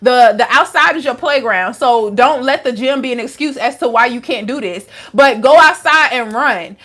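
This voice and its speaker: A woman's voice: fairly high pitch, normal speed, a bit bright. A young adult woman, a wellness coach, talking frankly and casually to viewers with lots of slang. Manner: frank and chatty, with frequent "like" and slang. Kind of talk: casual live-stream talk answering viewers.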